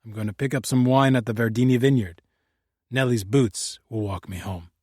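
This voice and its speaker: A man reading the lines of a middle-aged former detective, calm and polite. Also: medium pitch, moderate pace, no room sound, clean studio sound, close to an everyday voice.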